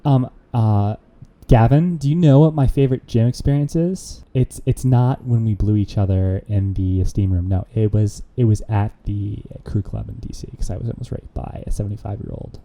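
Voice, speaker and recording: A man hosts a loose, joking podcast chat. His voice is very dark and mellow. He rambles through his jokes, full of fillers and restarts. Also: on the low side, normal speed, a little hiss or hum. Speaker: podcast host. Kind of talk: casual chat.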